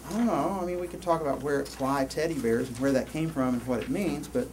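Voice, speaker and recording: A man giving a university lecture, rambling and animated, with many restarts and asides to the class. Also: medium pitch, brisk, a little hiss or hum. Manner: animated, rambling, lots of self-interruptions. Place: lecture hall.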